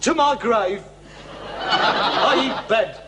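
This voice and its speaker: A whiny dramatic son who thinks he's dying, sitcom, pitched up. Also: expressive, very slow, very noisy, exaggerated voice. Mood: melodramatic. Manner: theatrical, self-pitying. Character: melodramatic hypochondriac grown son, put-upon.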